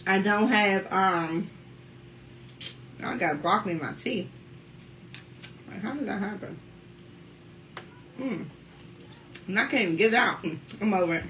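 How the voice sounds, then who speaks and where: Chatty woman vlogger with a bright voice. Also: mid-range voice, unhurried, pauses often. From Washington, D.C. area. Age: 30s. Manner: talkative, keeps addressing viewers as y'all. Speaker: mukbang vlogger. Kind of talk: casual chatty food review while eating. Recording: dull, slightly distant sound with faint room noise.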